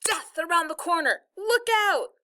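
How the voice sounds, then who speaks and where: A woman's voice: extremely high pitch, lively intonation, unhurried, a little hiss or hum, pitched above the performer's own voice, heavily acted. A woman voicing a teasing older boy who whoops out fake storm warnings. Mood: mock spooky. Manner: loud, whooping, spooky.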